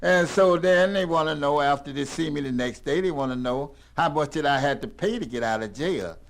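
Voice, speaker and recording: An older man telling a rambling tall tale in a folksy, animated drawl. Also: a little high, a little fast. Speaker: storyteller.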